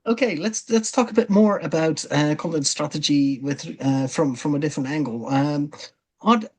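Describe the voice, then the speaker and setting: A man's voice: a little high, moderate pace. A man hosting a webinar discussion and asking his guests questions, talking hesitantly with lots of fillers. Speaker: webinar host.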